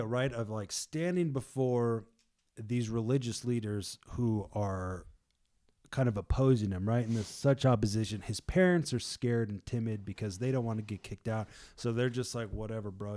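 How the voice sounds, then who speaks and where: A young man leading a casual Bible discussion, retelling the story with animated voices and laughs. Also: medium pitch, moderate pace. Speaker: Bible study leader.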